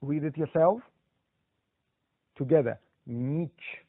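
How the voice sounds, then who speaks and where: A man's voice: a little high, expressive, drawn-out words, long pauses, dry recording. A man teaching a language lesson, patiently repeating each word and prompting the listener to say it back. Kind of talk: slow, drilled pronunciation lesson. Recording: dry, phone-like thin sound.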